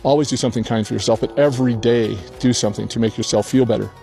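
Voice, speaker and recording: An older man talks straight to his viewers, tearful yet steady, his voice mellow and soft-edged. He sounds earnest and heartfelt, with faint music playing under him. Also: mid-range voice, very fast, gravelly. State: crying. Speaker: channel host. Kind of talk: emotional personal vlog. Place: outdoors on a hillside rock.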